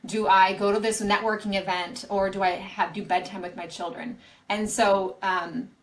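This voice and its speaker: A woman's voice: medium pitch, level tone, moderate pace, poor audio. A woman career coach, a podcast guest, explaining her advice earnestly and often restarting phrases. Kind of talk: podcast interview answers.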